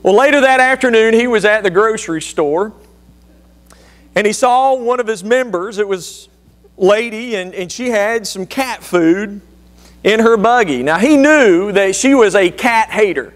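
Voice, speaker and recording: Man, pastor, sermon, folksy storytelling, very high voice. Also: animated, unhurried. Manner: folksy storytelling, calls out to the congregation.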